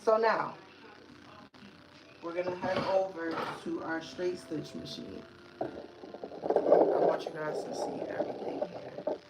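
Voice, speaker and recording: Low-voiced woman teaching sewing live. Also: slow pace, long pauses, reverberant. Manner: casual, chatty step-by-step instruction to viewers; talks loudly over the work. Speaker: sewing tutorial host. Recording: noticeable background noise.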